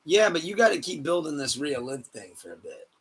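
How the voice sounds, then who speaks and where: A man hosting a podcast in casual chat, excitable and swearing, laughing often. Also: fairly high pitch, a little fast, husky. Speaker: podcast host.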